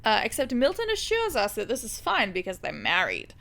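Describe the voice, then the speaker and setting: Young woman podcast co-host, bright and a little high, irreverent comic recap with giggles. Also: wildly swooping pitch, brisk, vocal fry. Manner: irreverent, giggly, acts out characters in silly voices. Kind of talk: casual comedic book recap.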